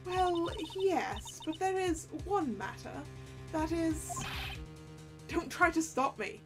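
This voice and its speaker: A woman voicing a stern old woman who leads a village, speaking slowly and formally while reading game dialogue aloud. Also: extremely high pitch, lively intonation, over music, voice pushed up, exaggerated voice. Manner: slow, formal, measured.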